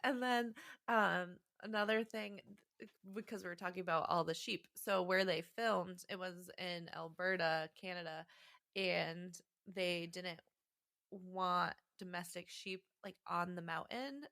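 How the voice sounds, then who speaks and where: A woman co-hosting a casual movie podcast, chatty and quick to laugh, often trailing off with fillers. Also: lowish voice, fairly even intonation, creaky, fairly bright tone. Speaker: podcast co-host.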